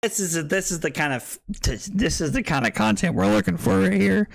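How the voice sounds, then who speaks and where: A man's voice: high voice, expressive, moderate pace, vocal fry. A tipsy man hosting a tournament live stream, rowdy and joking, swearing a lot and laughing through his commentary.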